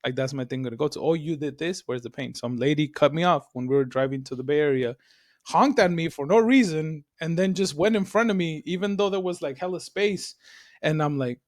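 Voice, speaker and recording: A man, chatting casually on a podcast and telling stories with animated, acted-out quotes. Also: on the high side, fairly quick, dry recording, studio quality. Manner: animated storytelling, swears freely, acts out quoted voices. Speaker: podcast co-host.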